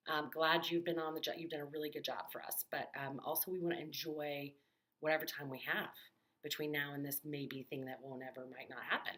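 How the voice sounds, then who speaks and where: A woman voicing a kindly townsperson soothing a panicked man, in a hushed, partly whispered, coaxing voice. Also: low-pitched.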